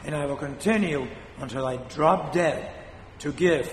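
An older man from Spain, a priest preaching a sermon in a blunt, scolding way with dramatic pauses, his voice still weak after a fall. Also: fairly high pitch, slight background noise. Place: church. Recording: echoey hall from a distance.

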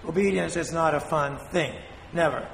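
An older man from Spain, a priest preaching a sermon in a blunt, scolding way with dramatic pauses, his voice still weak after a fall. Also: fairly high pitch, vocal fry, fairly bright tone, a little hiss or hum. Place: church. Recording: echoey hall from a distance.

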